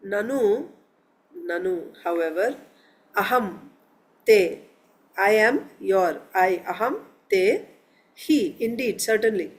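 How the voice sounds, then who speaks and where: A woman's voice: mid-range voice, expressive, takes it slowly, pauses often. A woman leading a verse-by-verse scripture class, explaining word meanings step by step and asking the class questions. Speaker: scripture teacher.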